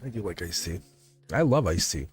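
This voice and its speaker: A man's voice: deep voice, animated, normal speed, slightly rough, faint music behind. A man hosting a live tarot reading in casual spiritual talk, rambling and repeating phrases, chuckling often. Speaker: tarot reader livestream host.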